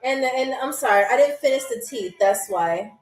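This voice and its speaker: High-voiced playful woman game show host. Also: lively intonation, moderate pace. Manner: playful, jokey, reads viewer comments aloud; peppers lines with "okay?" and "all right". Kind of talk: live-stream game show chat. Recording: roomy echo, faint music.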